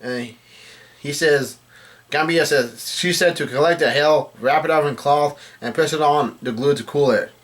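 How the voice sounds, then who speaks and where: A man giving a casual read-through of a comic chapter, relaying the characters' lines in a plain voice and often correcting himself as he goes. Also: a little high. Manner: halting, self-correcting delivery. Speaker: manga chapter recapper.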